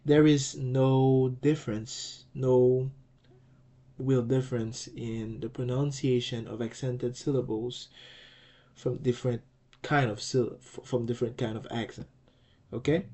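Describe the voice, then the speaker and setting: Slow, halting man teaching a lesson. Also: mid-range voice, little pitch movement. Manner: halting, restarts and repeats words while explaining; says example words loudly twice. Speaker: language teacher.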